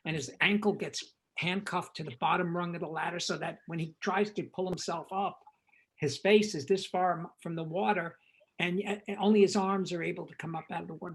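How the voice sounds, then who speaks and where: Gravelly older man spinning stories. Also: on the high side, poor audio. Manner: lively raconteur, acts out quoted dialogue, frequent repetitions. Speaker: film director, interview guest. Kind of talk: animated storytelling anecdote.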